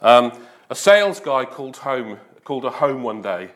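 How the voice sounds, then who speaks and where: Lively, informal male preacher. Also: medium pitch, moderate pace. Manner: informal, repeats "Lord" and "just", restarts. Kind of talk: conversational sermon with opening prayer.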